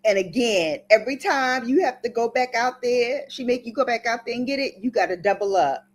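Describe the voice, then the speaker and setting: A woman's voice: a little high, a little fast. A woman from Brooklyn telling a playful, dramatic story to her viewers in a casual vlog. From Brooklyn, New York. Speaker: beauty vlogger.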